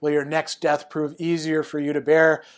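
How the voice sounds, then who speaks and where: A man reading out the lines of an ancient, scheming male god from a novel, in a measured voice. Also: a little high, completely flat delivery, natural voice. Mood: commanding. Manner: read aloud from a novel, measured.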